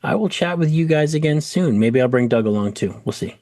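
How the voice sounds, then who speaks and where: A man's voice: a little high, expressive, fairly quick, a little mellow, no echo. A tired, slightly sick man co-hosting a casual podcast, joking at his own expense and stammering over restarts. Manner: jokey, self-deprecating, stammers on restarts. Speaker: podcast co-host. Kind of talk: casual chat.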